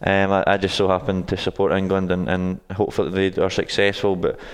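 Low, flat-voiced Scottish man in his twenties. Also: brisk, clear, resonant tone, in a large hall. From Scotland. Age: 20s. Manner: hesitant, many ums and restarts. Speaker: guest, college soccer coach. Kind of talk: casual interview answers.

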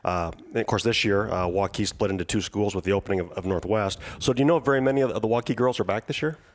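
A man hosts a local podcast interview at a brisk clip, his voice sitting low. He talks in a relaxed, chatty way, slipping "you know" in between phrases. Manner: conversational, uses filler "you know" often. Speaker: podcast host.

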